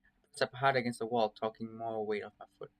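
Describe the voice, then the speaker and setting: A man reading a visual novel aloud in first-person narration, steady and measured. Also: fairly low pitch, no echo. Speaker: story reader.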